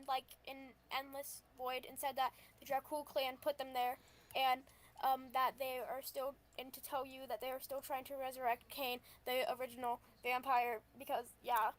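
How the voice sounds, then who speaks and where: A woman voicing an earnest, shaken young female vampire in a tabletop game, talking in halting, stammering restarts. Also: high-pitched, fairly bright tone.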